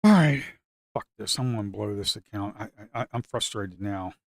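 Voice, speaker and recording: A man's voice: fairly low pitch, steady tone, normal speed, creaky, sharp tone, no room sound, clean studio sound. A man streaming his live trading who talks bluntly, swears, and repeats himself as he gets exasperated. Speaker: day trader streaming live. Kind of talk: casual live commentary while trading.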